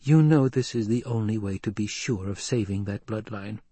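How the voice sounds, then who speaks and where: A man voicing a cunning, scheming noblewoman in an audiobook, speaking soft, hushed and measured. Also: lowish voice, slightly rough, no echo. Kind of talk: audiobook character voice.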